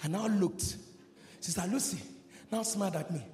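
Speaking at a normal speed in a high voice, a preacher delivers a charismatic sermon on a handheld microphone in a church hall. He moves from a sing-song rhythm into shouts and draws call-and-response from the congregation, with music and long reverb behind him.

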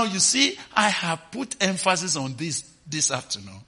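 A man preaching a sermon, swinging between quiet, slow lines and sudden shouts, often asking the listeners if they understand. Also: fairly high pitch, huge pitch swings, slightly rough.

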